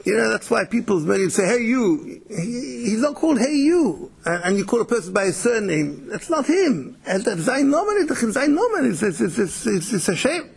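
A man's voice: high-pitched, big pitch swings, normal speed, creaky, few pauses. A man giving a Torah lecture, mixing Yiddish and Hebrew terms, often repeating words and restarting. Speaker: Torah teacher.

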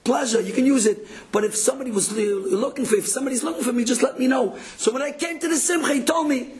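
A man giving an inspirational Torah talk. He tells stories in an animated way, acts out the people he quotes, and often repeats words as he goes. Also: very high voice, fast talker. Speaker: inspirational speaker.

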